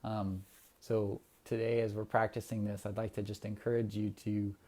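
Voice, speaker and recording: Gentle, relaxed male mindfulness guide. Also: on the low side, moderate pace. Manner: relaxed, gentle, many ums and restarts. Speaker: mindfulness instructor. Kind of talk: casual livestream meditation guidance.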